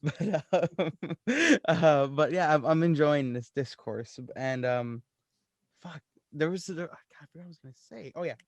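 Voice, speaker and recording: A man co-hosting a casual podcast, animated and nitpicky, swearing freely. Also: fairly high pitch, moderate pace, no room sound. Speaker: podcast co-host.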